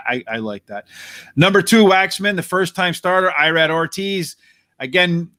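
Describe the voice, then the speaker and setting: A man hosting a horse racing preview, walking through post positions, pace and jockeys in a brisk, analytical way. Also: on the high side, pushed and bright, no room sound. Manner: brisk, analytical, addresses co-host by name. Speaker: racing handicapper host.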